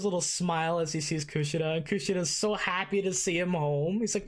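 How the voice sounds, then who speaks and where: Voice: mid-range voice, steady tone, fairly quick. An anime reaction host in casual commentary, gushing and emotional and swearing freely.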